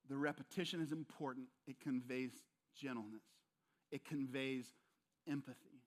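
A man's voice: mid-range voice, moderate pace. A male pastor preaching a sermon, emphatic and repetitive, often speaking straight to his listeners.

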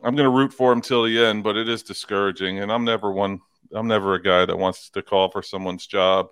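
A man's voice: on the low side, steady tone, a little fast, fairly bright tone, clear, resonant tone, no room sound. A man co-hosting a casual sports talk podcast, rambling, stammering and firing off rhetorical questions. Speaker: podcast co-host.

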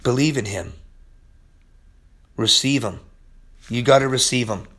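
A man preaching a sermon as pastor, impassioned and laughing often, swinging from soft talk to yelling. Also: mid-range voice, measured pace. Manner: laughs often mid-sentence.

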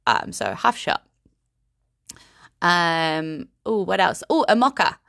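A woman giving a casual vocabulary lesson in a playful, giggly, unhurried way. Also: fairly low pitch, big pitch swings, gravelly, a bit bright, no echo, clean studio sound. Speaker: language teacher.

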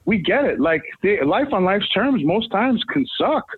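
A man's voice: high voice, moderate pace, husky, no echo. A man from Brooklyn, telling rambling stories in a casual chat, restarting his sentences often. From Brooklyn, New York. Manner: rambling, animated storyteller with many restarts. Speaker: guest. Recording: tinny phone-like line, dry.

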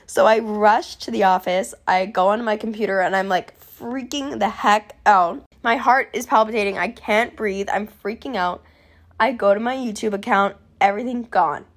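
A young adult woman talking casually to camera in a vlog, chatty and candid, with plenty of fillers and some swearing. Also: medium pitch. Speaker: vlogger.

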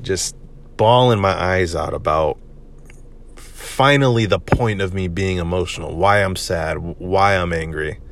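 In a solo confessional podcast monologue, a young male host talks candidly and rambles, peppering it with "man" and "you know". His deep voice is unhurried, with slight background noise.

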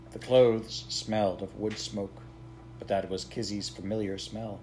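Man reading an audiobook, lowish voice, steady and measured. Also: a little hiss or hum. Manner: measured, even storytelling. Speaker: narrator.

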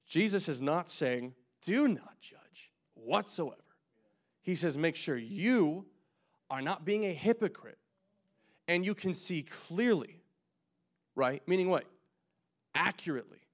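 A young man preaching in a relaxed, conversational way. His voice sits a little on the high side, and he keeps tossing off jokes and quick asides as he walks through a passage. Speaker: pastor. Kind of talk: casual sermon.

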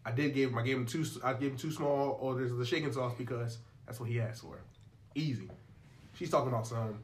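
A man's voice: mid-range voice, a little fast. A young man in casual chat, animatedly telling a profane work story and acting out both sides of the dialogue.

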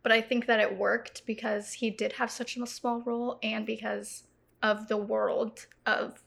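Creaky-voiced woman co-hosting a film chat. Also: on the high side, measured pace. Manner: animated, swears, laughs often. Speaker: podcast co-host. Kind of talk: casual movie review chat.

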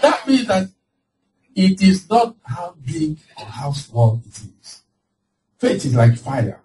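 A man preaching a lively sermon as pastor, laughing often and acting out voices of the people he describes. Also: a little high, slow. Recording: distant mic with faint background noise.

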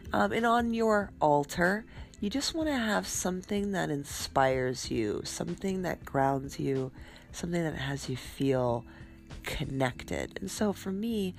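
Stuffed-up woman, low voice, takes her time, chatty spiritual self-care talk. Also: measured pace, vocal fry, faint music behind. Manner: relaxed, chatty, with fillers. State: stuffed up, congested. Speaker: podcast host.

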